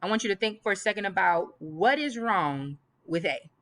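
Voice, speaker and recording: A woman's voice: mid-range voice, expressive, moderate pace, fairly bright tone. A woman teaching a grammar lesson, emphatic and reading example sentences aloud. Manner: emphatic, repeats list items aloud.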